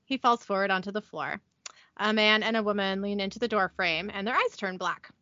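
A young woman hosting a podcast, casually recapping a TV episode from her notes, giggly and brisk. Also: medium pitch, bright, forceful tone, no echo, highs cut off. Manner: giggly, reads scene descriptions briskly.

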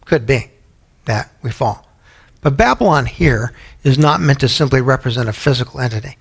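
A man's voice: mid-range voice, expressive, moderate pace, vocal fry, husky. A man teaching a Bible study in a sermon style, often putting questions to his listeners. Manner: asks the audience questions often.

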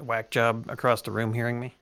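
A man's voice: medium pitch, flat delivery, brisk, fairly bright tone. A man playing a tabletop game, talking hesitantly with many fillers. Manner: hesitant, filler-heavy talk. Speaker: player.

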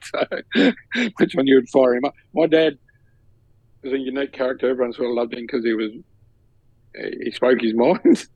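This mid-range male voice moves at a moderate pace with long pauses, in a dry recording with dull audio. He's an Australian podcast co-host telling a story casually, animatedly performing the quoted voices while laughing.

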